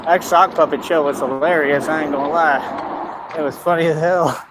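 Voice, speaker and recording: A man's voice: a little high, steady tone, normal speed. A man ranting on his livestream, mocking and boastful, and laughing at his own jokes. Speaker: streamer. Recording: noisy background hiss.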